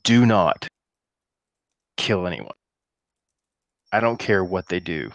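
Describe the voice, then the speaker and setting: A weary middle-aged tavern keeper, as a man puts him on, low and firm. He speaks quietly, with stern warnings, in a dry close sound. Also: very animated, takes it slowly, gravelly, no echo, heavily acted.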